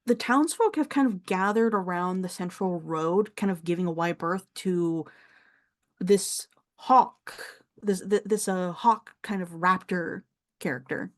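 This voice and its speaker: A woman with a fairly low voice narrates as game master of a tabletop game. She's unhurried, casual and chatty, laughing between her descriptions.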